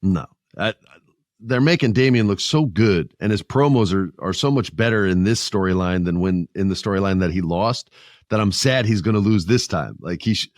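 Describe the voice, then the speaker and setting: A middle-aged man hosting a podcast, chatting about wrestling in a lively, joking way. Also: deep voice, moderate pace, no room sound, studio quality. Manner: animated, joking, puts on voices. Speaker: podcast host. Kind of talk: casual wrestling chat.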